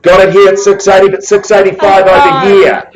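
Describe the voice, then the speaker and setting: A man calling a live property auction, jovial and brisk, joking with bidders between calls. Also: high voice, level tone, highs cut off. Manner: brisk, jovial patter with quick asides to bidders. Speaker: real estate auctioneer. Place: auction room with bidders present.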